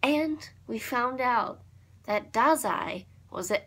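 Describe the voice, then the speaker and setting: A young woman talking in a casual review with a bright, forceful voice pitched a little high. She gushes with animated excitement and often leaps far up in pitch when something thrills her. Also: slow, husky. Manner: gushing, animated, with big excited pitch jumps. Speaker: anime reviewer.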